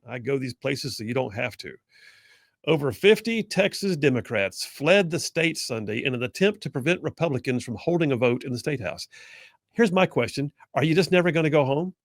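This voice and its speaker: A man's voice: mid-range voice, animated, brisk, gravelly, no room sound, clean studio sound. A man hosting a political talk show, delivering sarcastic commentary and mocking opponents in whiny put-on voices.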